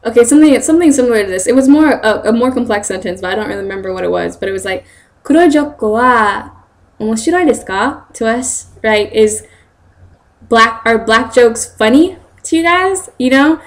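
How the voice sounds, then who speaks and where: A young woman chatting straight to her camera at home, giggling her way through a story. Her voice sits a little high for a woman, and she jumps up even higher whenever she acts out what someone said. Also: brisk. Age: young adult. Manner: animated, giggly, quotes people in bursts. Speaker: vlogger, student studying abroad in Japan. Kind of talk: casual storytelling vlog.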